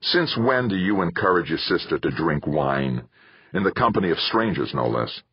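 A man's voice: sits low, lively intonation, moderate pace, no room sound, highs cut off. A man reading an audiobook, voicing a stern, suspicious father who grumbles at his son. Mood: gruff. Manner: gruff, suspicious.

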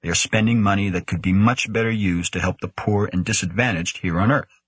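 A man voicing a stern, brooding male official who speaks gravely. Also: fairly low pitch, a little fast, dry recording.

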